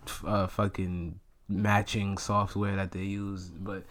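Brief: young New York producer, relaxed and slangy, a touch low in pitch. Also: male voice, takes it slowly. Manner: laid-back, slangy, laughs easily. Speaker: music producer guest. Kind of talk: casual podcast chat.

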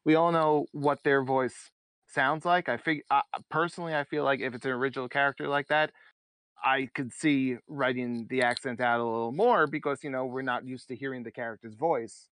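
A man's voice: mid-range voice, fairly even intonation, a little fast, a bit bright, no echo. A man chatting casually as a podcast guest, laughing often and rambling with restarts. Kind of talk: casual chat.

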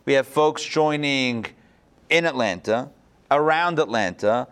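A man teaching a live online class as a rabbi, lively and chatty, often thinking aloud and restarting his sentences, on a video call. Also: mid-range voice, measured pace, clean tone.

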